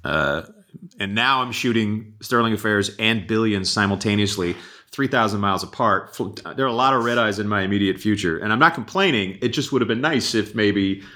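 A man talks casually on a podcast as a guest, his voice sitting fairly low. His tone is bright and forceful, and he laughs easily and makes joking asides about himself. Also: fairly quick. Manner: laughs often, self-deprecating asides.

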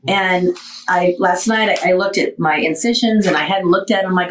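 A woman's voice: fairly low pitch, moderate pace, distant mic, slight background noise. A woman hosting a talk show, telling her recovery story candidly and animatedly, tired after surgery. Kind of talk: casual talk show chat. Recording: roomy, off-mic sound.

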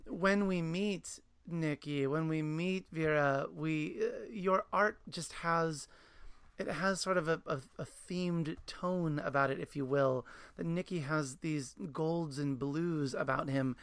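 A man with a gravelly, fry-tinged voice, interviewing with open enthusiasm and frequent restarts. His voice sits a bit higher than most men's. The sound is close and completely dry. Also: no room sound. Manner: warm, enthusiastic, halting with restarts. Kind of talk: conversational interview.

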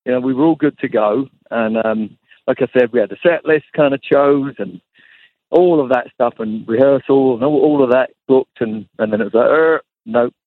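A man calling in as a guest, chatting in a relaxed, rambling way with many fillers. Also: medium pitch, moderate pace. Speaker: guest guitarist. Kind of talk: casual interview chat. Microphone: phone call. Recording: tinny phone line.

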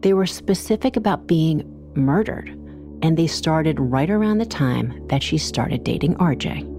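A woman co-hosting a true crime podcast, explaining the case in a measured, conversational way. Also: low-pitched, lively intonation, warm tone, faint music behind.

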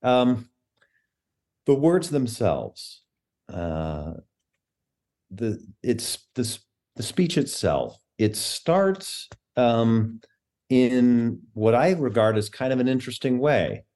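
A man's voice: mid-range voice, big pitch swings, slow pace, dark tone. A man hosting a podcast interview, prompting his guest with a hesitant manner and many "um"s. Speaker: podcast host.

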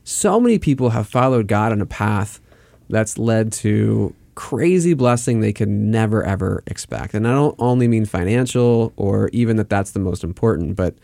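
A man in a dry, close-miked recording co-hosts a talk about faith. He retells a scripture story with lively, climbing emphasis and reads verses aloud, then settles back into easy conversation. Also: fairly low pitch, normal speed, gravelly, no echo. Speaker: podcast co-host.

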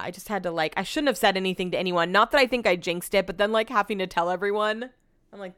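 A young woman hosting a podcast, telling a long personal story in casual, animated chat full of "like" fillers. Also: lowish voice, fast talker, smooth, no echo, clean studio sound. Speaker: podcast host.

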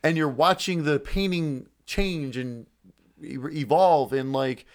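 Slow-speaking and somewhat high-voiced, this podcast co-host keeps the chat casual, wandering off on tangents and cursing without restraint. He performs his own reactions along the way.

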